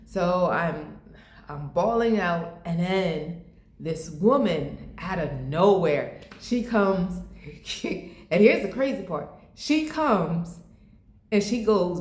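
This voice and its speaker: A woman's voice: fairly low pitch, lively intonation, slow, darkish tone. Tearful woman vlogging in an echoey room. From United States. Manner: tearful, heartfelt, encouraging. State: close to tears. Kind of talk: emotional personal vlog.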